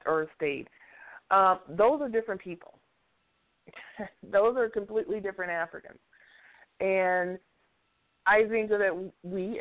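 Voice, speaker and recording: A woman giving blunt, opinionated commentary in a casual chat, chuckling now and then as she talks. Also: fairly low pitch. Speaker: show regular giving opinions. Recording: tinny phone-like sound.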